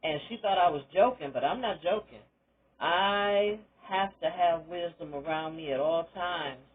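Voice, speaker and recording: Speaking in a fairly low voice with a breathy edge, a retired teacher in her later years gives a personal testimony, candid and emphatic, to lift her listeners up. The sound is tinny and narrow.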